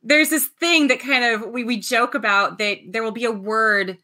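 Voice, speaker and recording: A woman's voice: fairly high pitch, normal speed, pushed and bright. A woman author in a friendly interview chat who asks questions and laughs easily. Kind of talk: conversational interview.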